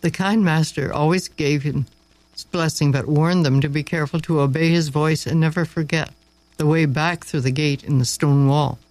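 A man narrating a story aloud, expressive and dramatic, with slow pauses for effect. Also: a little high, no echo, low-quality recording.

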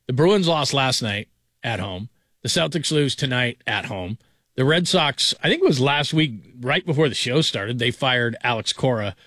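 A man's voice: mid-range voice, animated, normal speed, a bit bright, dry recording. Male sports talk host, mid-range voice, dry and close, rambling chatty delivery. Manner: rambling, conversational, chuckling asides. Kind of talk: late-night sports radio talk. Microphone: studio broadcast mic.

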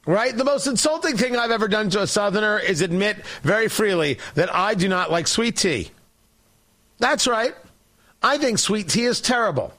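A male talk show host with a high-pitched, somewhat bright voice delivers political commentary. He's sarcastic and mocking, rambling along with restarts.

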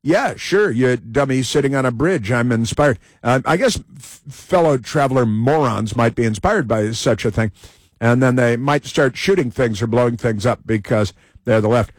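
A man's voice: mid-range voice, moderate pace, dry recording. A male radio host giving sarcastic, mocking talk radio commentary.

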